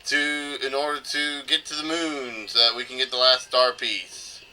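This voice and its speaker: A man's voice: mid-range voice, normal speed, bright, forceful tone, soft background music, low-quality recording. A man from North Carolina hosting a let's play, rambling and thinking aloud as he comments on the game. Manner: rambling, thinking aloud with filler and self-corrections. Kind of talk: casual gameplay commentary.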